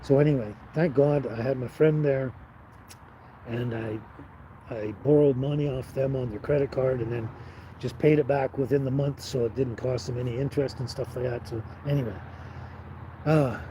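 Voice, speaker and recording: A man's voice: medium pitch, fairly even intonation, normal speed, mellow, a little hiss or hum, low-quality recording. A man hosting a casual live stream, rambling and chatting with viewers by name. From Canada. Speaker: livestream host.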